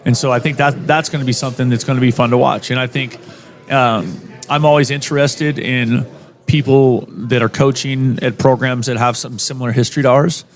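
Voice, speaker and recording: A man's voice: medium pitch, steady tone. A middle-aged man, a college football head coach, talking upbeat as a radio interview guest, often restarting his sentences. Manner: upbeat, talks in quick bursts with many restarts.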